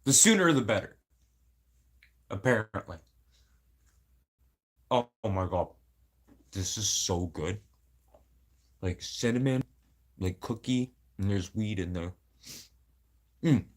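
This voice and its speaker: An adult male vlogger vents casually to camera, blunt, rambling and emotional, swearing constantly and sounding aggrieved. His lowish voice is animated and slow, with long pauses.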